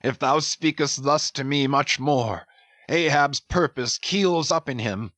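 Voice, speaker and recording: A man's voice: mid-range voice, takes it slowly, a bit bright, dry recording. A man playing a grim, obsessed old one-legged sea captain, speaking sternly in archaic words. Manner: solemn, stern, archaic speech. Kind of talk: dramatic audiobook reading.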